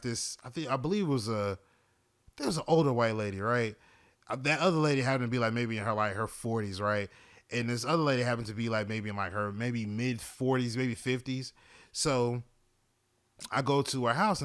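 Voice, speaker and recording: A young man recounts his day on a podcast, animated and full of swearing. His pitch is mid-range for a man, and his pace swings as he vents and repeats himself. He sounds casual and conversational throughout. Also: clean tone. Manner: animated, profane, venting. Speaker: podcast host. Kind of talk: casual storytelling.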